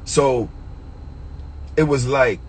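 A man in his middle pitch range tells a personal story casually, swearing freely. He swings from choked-up and quiet to loud and high when something riles him. A faint hum sits behind his voice. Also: extremely slow, low-quality recording. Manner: animated, profane, jumps to high excited pitch when worked up; emotional, gets choked up. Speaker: storyteller vlogger.

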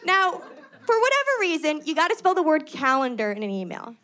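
A young New woman, loud and brash as she talks her way through a stand-up set. Her voice sits high and carries over a handheld mic, with the noise of a live room underneath. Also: very animated, brisk. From New York. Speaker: stand-up comedian. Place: stage before a live audience.

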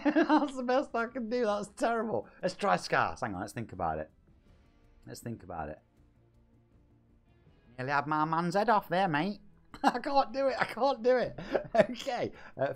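A Nottingham man in his forties chats on a live game stream from his home setup, reading out viewer messages. He is jokey and laughs a lot, calling everyone mate. His medium-pitched voice swings up and down with lively energy. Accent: Nottingham English. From England. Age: 40s.

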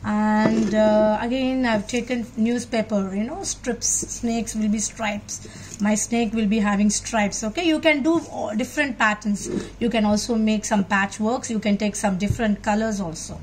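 A woman's voice: medium pitch, steady tone, measured pace, a little hiss or hum. A woman demonstrating a children's craft, talking patiently and asking the children questions as she works.

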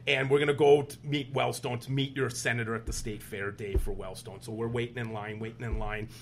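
Speaking a little fast in a mid-range voice, with a slight hiss or hum in the audio, this guest is a state senator and former teacher from Wisconsin in his fifties. He animatedly tells stories in a conversational interview, voicing what others said.

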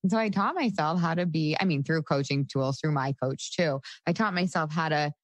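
A woman's voice: deep voice, normal speed, dry recording. A woman in her thirties, a coach and podcast guest, talking casually with lots of "like" fillers and frequent laughs. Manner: chatty, full of "like" fillers, laughs often. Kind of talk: casual interview talk.

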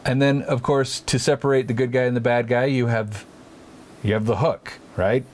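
A man's voice: mid-range voice, fairly even intonation, normal speed, darkish tone. A man hosting a casual art chat, telling stories and explaining ideas in a playful, rambling way with many restarts. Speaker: podcast host, artist.

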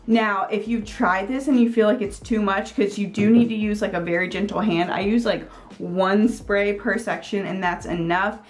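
Chatty woman vlogger reviewing products. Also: medium pitch. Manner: chatty, filler-heavy with frequent "like" and "um"; upbeat, gushing. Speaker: beauty vlogger.

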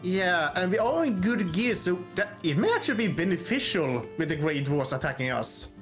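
A man's voice: sits high, lively intonation, normal speed, fairly bright tone, soft background music. A man chatting with a friend over a co-op game, planning aloud with frequent restarts. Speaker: co-op gaming partner. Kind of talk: casual gaming chat.

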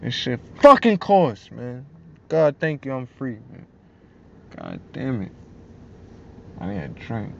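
A man's voice: mid-range voice, very animated, slow, creaky, long pauses, fairly bright tone, lo-fi sound. A young man venting in a casual vlog monologue, frustrated and profane, repeating himself. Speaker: vlogger.

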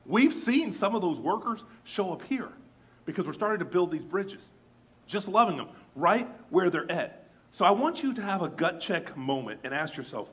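A man preaching with a lot of movement in his voice. It rises and falls as he tells a story from his own life and acts out the people in it. His pitch sits a little high for a man, and his tone stays chatty and direct with the congregation. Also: moderate pace. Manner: animated, acts out quoted dialogue. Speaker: pastor. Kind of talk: sermon storytelling.

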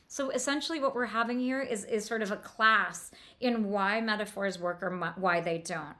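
A woman's voice: medium pitch, moderate pace, hardly any pauses, sharp tone. A woman giving a literary lecture on a novel, thoughtful and enthusiastic, with frequent restarts and fillers. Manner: enthusiastic about the prose. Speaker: book lecturer.

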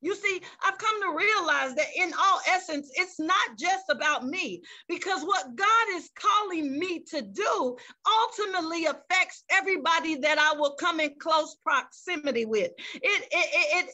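Her voice is very high with a sharp edge. A woman pastor preaches with fervor on a video call, peppering her words with praise interjections.

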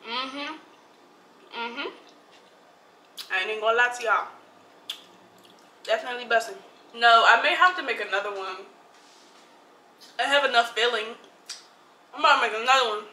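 A young food vlogger chats casually and playfully with her viewers as she cooks and eats in her home kitchen, filmed on a phone camera. Her voice is a little high and sharp, moving at a moderate pace with frequent pauses. The sound is roomy and the audio quality poor.

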